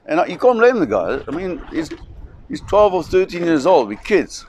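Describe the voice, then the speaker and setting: A man's voice: high-pitched, sing-song, moderate pace, darkish tone. Brief: man recounting a tale with vivid energy, faint noise behind. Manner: vivid, restarting, acts out voices. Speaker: shark expedition operator. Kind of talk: dramatic storytelling.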